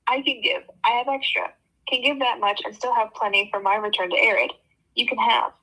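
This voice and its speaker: A woman reading aloud and voicing an earnest alien engineer who speaks in clipped, broken phrases, a little above her usual pitch. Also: steady tone, a little fast, bright, forceful tone, rough recording. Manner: choppy clipped phrasing without articles.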